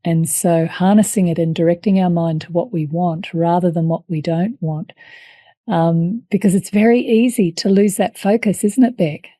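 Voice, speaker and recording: Mellow low lady host, calm explainer, dry close sound. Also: normal speed, no echo. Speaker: host and birth educator. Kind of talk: podcast interview.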